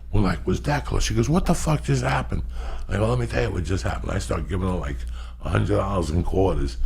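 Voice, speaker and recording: A middle-aged man hosting a podcast, telling stories loudly with lots of swearing. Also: mid-range voice, vocal fry, background noise. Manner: loud, profane and animated. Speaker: podcast host. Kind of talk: casual storytelling.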